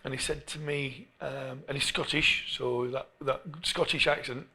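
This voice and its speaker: Middle-aged english guy, football coach telling his story, kinda raspy gravelly voice, keeps restarting his sentences. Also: mid-range voice, a little slow. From England. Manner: animated, restarts phrases often. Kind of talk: storytelling interview.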